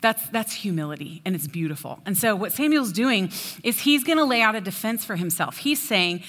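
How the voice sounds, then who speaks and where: A woman giving a sermon in a chatty, animated storytelling way. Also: mid-range voice, brisk. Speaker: preacher. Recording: long hall reverb.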